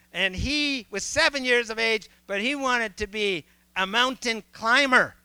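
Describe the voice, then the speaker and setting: Male preacher, middle-aged, high bright tone, unhurried storytelling, dry close sound. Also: clear, resonant tone, no echo. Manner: storytelling, drops to soft low tones then rises to preaching. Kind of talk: sermon with a personal story.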